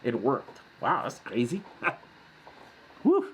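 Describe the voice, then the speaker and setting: A man's voice: mid-range voice, huge pitch swings, drawn-out words, a bit bright, slight background noise. A man in his forties hosting a casual live-stream Q&A, chatty and rambling, often laughing as he answers. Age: 40s.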